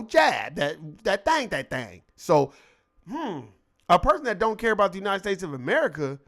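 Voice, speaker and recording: A man's voice: high voice, a bit bright. A man hosting his own show, giving a heated, profane political rant and mocking people by acting out their lines. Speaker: show host.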